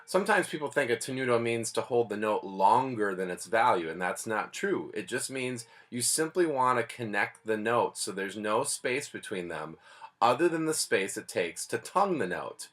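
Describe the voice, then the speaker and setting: A man's voice: medium pitch, big pitch swings, normal speed, a bit bright. A man teaching a band lesson in a patient, plainspoken, explanatory way. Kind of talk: music lesson.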